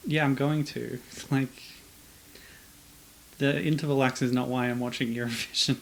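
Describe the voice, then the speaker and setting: Gravelly man in dry, chatty commentary. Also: medium pitch, steady tone, normal speed, slight background noise, low-quality recording. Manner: dry, chatty observations with laughs. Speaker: podcast co-host. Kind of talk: casual watch-along commentary.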